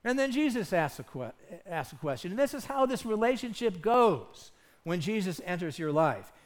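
Animated, high-voiced man preaching a sermon. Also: normal speed. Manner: earnest, emphatic, with rhetorical questions. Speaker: pastor.

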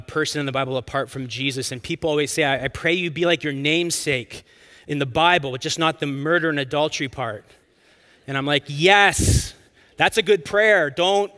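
A man preaching a sermon in an earnest, expressive way, drawing out key lines for emphasis. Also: medium pitch. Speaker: pastor.

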